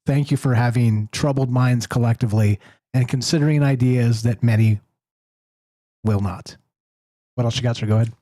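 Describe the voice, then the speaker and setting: A man hosting a call-in show, talking in an animated, emphatic way about ideas. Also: medium pitch, normal speed, pauses often, no room sound. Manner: animated, emphatic, rising to exasperated. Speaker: show host. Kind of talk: casual call-in chat.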